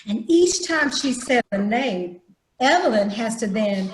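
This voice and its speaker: A woman's voice: a little high, animated, unhurried, reverberant, low-quality recording. A woman leading an online youth workshop, explaining a game patiently over a video call. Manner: explains patiently, breaks into acted demonstrations. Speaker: troop program leader.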